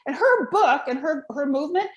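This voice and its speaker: A woman coach talking as a guest on a video call, blunt and energetic, laughing often as she tells stories. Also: high-pitched, fairly quick. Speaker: guest, camera-presence coach. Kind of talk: animated conversational storytelling. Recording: echoey room.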